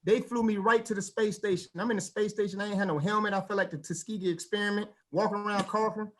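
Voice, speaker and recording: Male stand-up comic, high voice, animated storytelling, vernacular delivery. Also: fast. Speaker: stand-up comedian. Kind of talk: stand-up comedy set.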